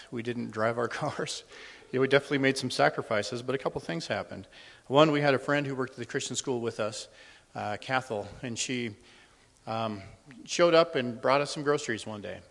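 A middle-aged man sharing a personal testimony with a congregation in a church, speaking conversationally and a little nervously. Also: medium pitch. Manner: conversational and a little nervous, with many ums and restarts. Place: church hall. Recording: long hall reverb.

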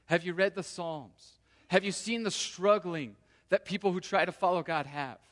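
A man's voice: sits high, moderate pace, a bit bright. A man preaching a sermon as a pastor, earnest and preacherly, often speaking a believer's prayers aloud. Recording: long reverb of a large hall.

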